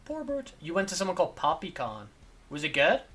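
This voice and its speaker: A livestreamer chatting loosely with viewers, voice bright and clear-edged. The talk wanders and loops back on itself, full of filler words. The mood stays tired and easygoing. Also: mid-range voice, animated, quick pace. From not from Spain, lives in Spain. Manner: rambling, repeats phrases, lots of "dude" and "like". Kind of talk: casual stream chat.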